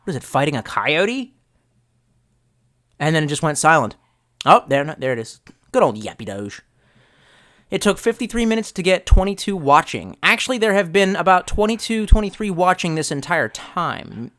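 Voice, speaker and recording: A male streamer talking off the cuff, swearing freely and wandering from topic to topic. His pitch swings widely as he reacts. His speech is loose, chatty and unscripted. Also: big pitch swings, normal speed, a bit bright. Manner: profane, rambling, reads chat aloud. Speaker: live streamer. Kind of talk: casual live-stream chat.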